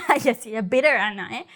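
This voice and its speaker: A woman with a Mexican accent gives a loose, conversational Spanish lesson, speaking in English. Her voice sits high, and she keeps things lively by acting out the phrases she explains. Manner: chatty, animated, acts out mocking exaggerated voices. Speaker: Spanish teacher. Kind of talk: casual spoken lesson.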